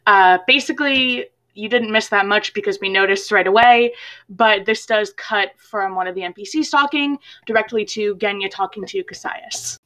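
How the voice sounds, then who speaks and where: A woman's voice: medium pitch, normal speed, fairly bright tone, poor audio. Woman player chatting casually, breezy, mid voice. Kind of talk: casual game chat.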